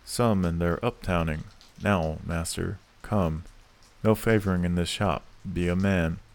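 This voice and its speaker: A man voicing a surly young male journeyman blacksmith who talks gruffly and growls. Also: deep voice, unhurried.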